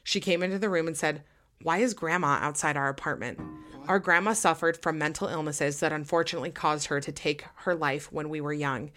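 A young woman with a low, dark-toned voice hosts a casual podcast. She chats with heavy use of "like" and reads listener stories aloud with growing excitement. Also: a little fast, faint music behind. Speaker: podcast host.

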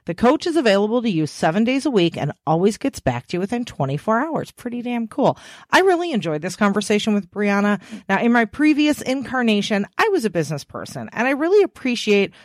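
A woman's voice: medium pitch, very animated, fairly quick, no room sound, clean studio sound. A woman hosting a podcast alone, playful and cheeky, swearing freely, a bit tired. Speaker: podcast host. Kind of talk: casual solo podcast chat.

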